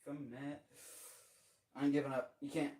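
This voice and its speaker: A man's voice: medium pitch, level tone, moderate pace. A young man chatting casually while practicing drums, rambling and cheering himself on with casual swearing. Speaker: drummer streaming practice. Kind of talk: casual practice-session chat. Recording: roomy, distant mic, faint noise.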